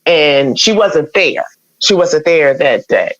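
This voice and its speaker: In a dull, dry recording, a woman with a deep, animated voice speaks slowly. She's a radio program director guesting on a podcast, telling a personal story candidly and conversationally with lots of quoted exchanges.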